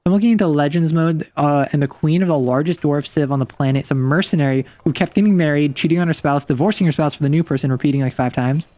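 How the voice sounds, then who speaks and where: Streamer guy rambling to himself while he plays, voice a bit high, pitch jumps around a lot, super dry close mic. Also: fast, few pauses, warm tone, dry recording. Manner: rambling, thinking aloud, jumpy pitch. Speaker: vtuber streamer. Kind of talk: casual livestream commentary while playing.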